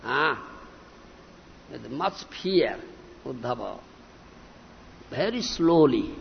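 A man's voice: on the high side, vocal fry, a little hiss or hum. A man giving a devotional sermon, stressing points emphatically and often breaking in with "huh?" and "isn't it?". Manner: emphatic, frequent questioning "huh?" and "isn't it?" asides. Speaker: spiritual teacher. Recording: reverberant, dull lo-fi lecture recording.

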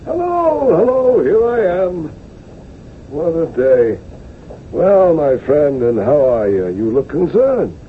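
A hearty old postmaster. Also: male voice, a little high, slow pace, heavily acted. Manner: hearty, chuckling, lively swoops. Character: jovial nostalgic old male postmaster, ex-cavalryman. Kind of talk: 1970s radio drama acting. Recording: tinny old radio broadcast, faint hiss.

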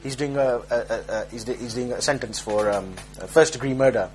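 Fast-talking preacher, joking. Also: male voice, mid-range voice, soft background music. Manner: joking, streetwise storytelling with mock voices. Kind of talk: informal religious talk to a small group.

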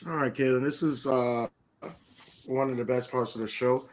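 A man's voice: medium pitch, steady tone, normal speed, rough recording. A man co-hosting a podcast, talking in a playful, teasing way as he sets up a segment. His voice sits in a medium register with an easy conversational delivery. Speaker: podcast co-host. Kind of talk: casual chat.

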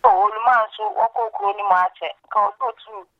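A man's voice: high-pitched, steady tone, moderate pace, no echo. A man from Ghana on a phone call, answering in short bursts and interjections. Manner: short replies, frequent interjections. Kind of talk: casual phone chat.

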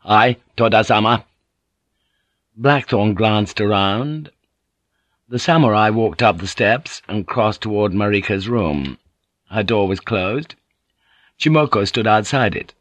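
A man reads an audiobook novel aloud in a steady, measured way. His voice sits on the low side and is recorded dry and close, with no room sound. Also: dry recording. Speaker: audiobook narrator. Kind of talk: scripted narration.

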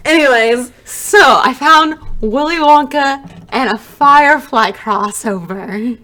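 A woman's voice: high-pitched, slow, sharp tone. A woman podcast co-host chatting in a teasing, rambling way. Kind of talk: casual chat.

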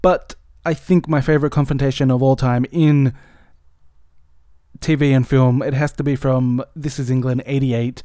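A man's voice: medium pitch, moderate pace, no echo, studio quality. A man hosting a podcast, chatting casually about a favourite TV scene. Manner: relaxed, chatty, some swearing. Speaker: podcast host.

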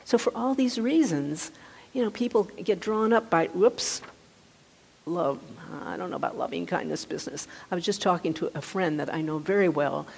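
A woman meditation teacher giving a gentle, conversational dharma talk, often restarting her sentences. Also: on the low side, animated, moderate pace, creaky, breathy edge. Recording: reverberant hall.

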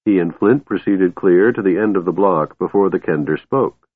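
A man narrating a fantasy story in an expressive storytelling manner, on a dry, tinny phone-like recording. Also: low-pitched, moderate pace, dry recording. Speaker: audiobook narrator. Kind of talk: scripted narration.

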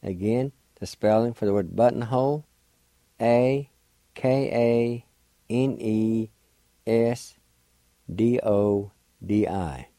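A man hosting a radio language lesson, spelling and sounding out words syllable by syllable in a slow, deliberate way. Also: fairly low pitch, dark tone, no echo. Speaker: language teacher and radio host.

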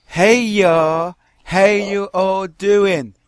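A man putting on a loud, slow Southern drawl. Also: high-pitched, fairly even intonation, smooth, voice pushed up. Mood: jokey.

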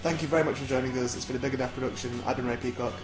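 A man's voice: mid-range voice, fairly even intonation, very fast, echoey room, over loud music. A man hosting a comedy podcast, teasing his co-host, swearing and laughing often. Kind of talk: jokey banter podcast.

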